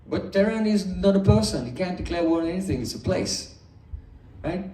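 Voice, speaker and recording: A man with a mellow, fairly high voice gives a morning scripture class, explaining patiently through homely examples and light humor. He sounds distant from the mic, in an echoey room. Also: animated, normal speed. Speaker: spiritual teacher. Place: indoor hall with a live audience.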